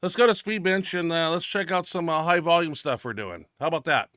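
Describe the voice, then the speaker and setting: A man's voice: on the high side, brisk. A man hosting a powerlifting show, rambling casually over lifting videos with restarts and filler.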